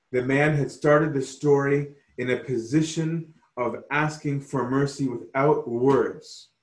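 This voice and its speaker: A man preaching a sermon slowly and emphatically, often pausing to ask "right?". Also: medium pitch, reverberant. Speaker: pastor.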